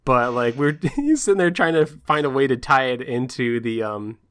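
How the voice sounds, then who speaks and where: A young man co-hosting a casual podcast, excitable, laughing often and slipping into silly voices. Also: mid-range voice, moderate pace, smooth. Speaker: podcast co-host.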